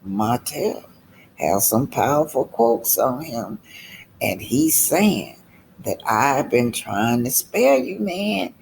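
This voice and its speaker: A man's voice: mid-range voice, sing-song, takes it slowly, vocal fry, a little hiss or hum. A man giving casual, emphatic reaction commentary on a reality show, repeating his points and talking to viewers directly.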